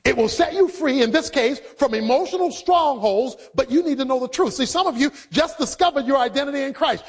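A man preaching a sermon, emphatic and rising into shouts for emphasis. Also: very high-pitched, a little fast, few pauses. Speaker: pastor.

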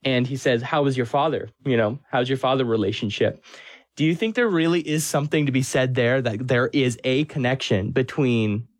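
A man asking an interviewer's questions in a measured, thoughtful way. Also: medium pitch, no echo.

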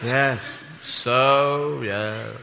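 A man's voice: mid-range voice, steady tone, extremely slow, vocal fry, sharp tone. A male stand-up comedian telling a rambling, self-mocking story in front of an audience. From Britain. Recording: echoey hall, audience noise.

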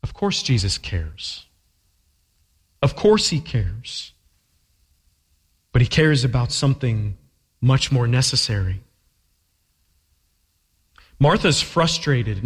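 A man's voice: medium pitch, very animated, slow pace, pauses often, breathy edge. A man preaching a sermon as pastor, emphatic and fond of rhetorical questions, with a long echo from a large hall.

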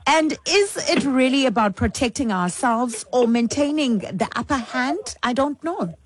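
A woman's voice: sits high, animated, measured pace, slight background noise. A woman hosting a radio talk show, speaking a friendly mix of English and Zulu into a studio mic. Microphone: studio mic with headphones.

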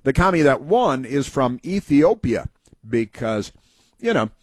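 A man's voice: mid-range voice, sing-song, unhurried, no echo. A man hosting a casual talk show, rambling through anecdotes and mocking political commentary. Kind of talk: casual talk radio monologue.

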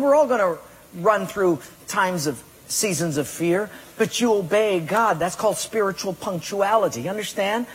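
A man's voice: high voice, husky. A man preaching a sermon to a congregation, emphatic and firing rhetorical questions at them. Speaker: pastor. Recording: long hall reverb.

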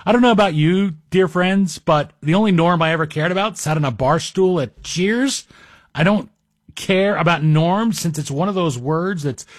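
Guy filling in on talk radio, rambling wry asides, bit high voiced, close dry mic. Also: moderate pace, dry recording. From Greek heritage. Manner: chatty, self-deprecating, wry asides. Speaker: radio guest host. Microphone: studio microphone.

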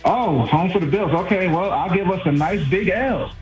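A man's voice: high voice, normal speed, soft background music, low-quality recording. A man with a Brooklyn accent calling in to sports radio, resigned and dryly joking about his team's chances. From Brooklyn, New York. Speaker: caller. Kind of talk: call-in radio chat.

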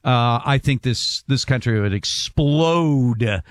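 A man's voice: medium pitch, slow, dry recording, studio quality. A middle-aged man co-hosting a radio show, chatting casually and explaining sports facts. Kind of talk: casual talk radio chat.

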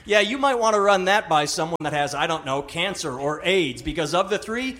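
Man, stand-up comedian, high voice, lively swinging pitch, mocking delivery. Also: brisk. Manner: animated, mocking, acts out voices.

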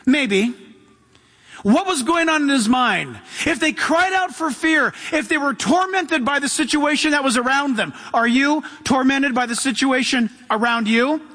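A man's voice: extremely high pitch, lively intonation, a little slow, pushed and bright. A man preaching a sermon in an emphatic way, with rhetorical questions and calls to the congregation. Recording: long hall reverb.

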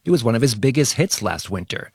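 Male public radio reporter, kinda husky, dry booth sound, even pace. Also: medium pitch, no echo. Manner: measured, even narration. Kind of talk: scripted news report.

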